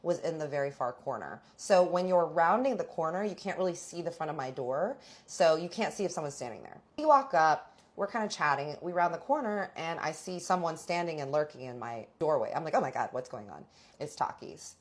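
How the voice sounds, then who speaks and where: A woman's voice: low voice, a little fast, hardly any pauses. A woman chatting through a personal story in a casual storytime vlog, acting out what people said. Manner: chatty, animated retelling with quoted voices.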